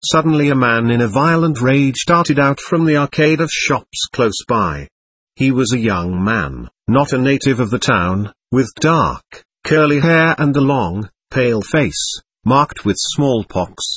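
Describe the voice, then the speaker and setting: A man narrating a classic novel in a measured, expressive reading. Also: mid-range voice, husky. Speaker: audiobook narrator.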